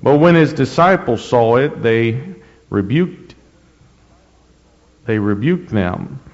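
A man preaching a sermon, reading scripture slowly and deliberately, with rising emphasis and frequent throat clearing. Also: mid-range voice, animated. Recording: dull lo-fi recording in a reverberant hall.

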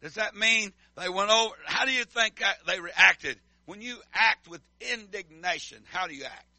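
A man's voice: high voice, moderate pace, sharp tone, no echo. A middle-aged man preaching a sermon as pastor, calling for responses from the congregation. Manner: emphatic call-and-response preaching.

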